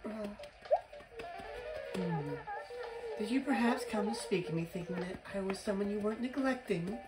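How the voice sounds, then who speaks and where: A man's voice: sits high, normal speed, lightly acted. Brief: a man playing a vain, huffy villager lady, distant with game music. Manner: huffy, haughty, theatrical. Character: fussy, vain female animal villager.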